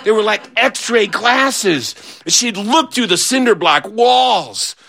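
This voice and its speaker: Male storyteller, animated, acts out every voice, bright tense tone, raised pitch. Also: slow. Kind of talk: comic childhood story told to an audience.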